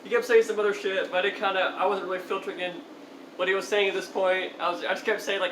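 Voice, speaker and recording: A woman's voice: medium pitch, steady tone, brisk, a bit bright, reverberant, slight background noise, rough recording. A young woman vlogger tells a story to the camera, laughing often and swearing as she goes. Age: young adult. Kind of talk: storytime vlog.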